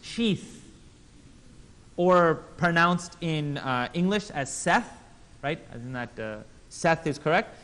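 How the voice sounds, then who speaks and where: A man with a somewhat high voice teaches a religious class in an animated way. He slips into little voices for the people in his stories and keeps firing questions at his listeners. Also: slow. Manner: animated, acts out quotes in voices; engages audience with questions. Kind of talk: Islamic class lecture.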